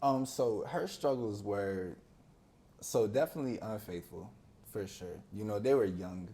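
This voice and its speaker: Mellow-voiced young man telling stories. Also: on the low side, measured pace. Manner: animated storyteller who acts out friends' voices; laughs often while telling stories. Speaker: podcast guest. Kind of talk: casual storytelling interview.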